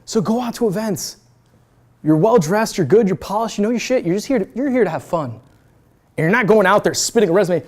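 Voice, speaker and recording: In a university event room, a guest speaker in his twenties fires up a room of students, talking fast with a pitch that leaps all over. He's brash, energetic and swears freely while coaching them through a lively motivational talk.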